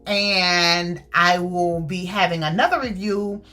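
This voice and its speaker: A woman giving a casual, animated book review, retelling the story with acted quotes. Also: fairly low pitch, takes it slowly, faint music behind.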